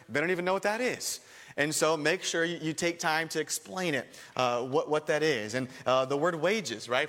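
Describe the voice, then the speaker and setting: A pastor teaching a church audience in a conversational sermon style, acting out short dialogues with different voices. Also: male voice, a little high, a bit bright. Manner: conversational, acts out little dialogues. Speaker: pastor teaching soul-winning. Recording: long reverb of a large hall.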